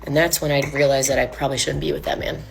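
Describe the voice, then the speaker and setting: A woman with a low voice tells a personal story straight to her audience. She talks in a loose, chatty way, full of fillers and acted-out quotes, with faint music playing behind her. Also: little pitch movement, fast, creaky. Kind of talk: storytime video.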